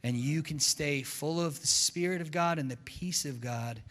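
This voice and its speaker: A man preaching a sermon as pastor, telling a story with lively acted-out quotes. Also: on the high side, normal speed, big-room sound. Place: church sanctuary.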